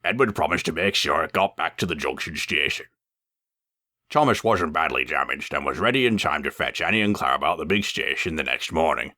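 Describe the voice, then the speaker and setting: A man reading a storybook aloud with lively, expressive narration. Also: very deep voice, a little fast.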